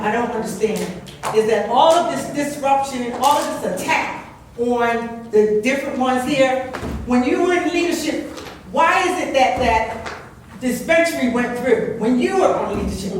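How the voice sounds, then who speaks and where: An older woman giving an impassioned public comment at a council meeting, speaking into a podium mic and building to loud, scolding indignation. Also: a little high, background noise. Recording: very echoey distant room recording.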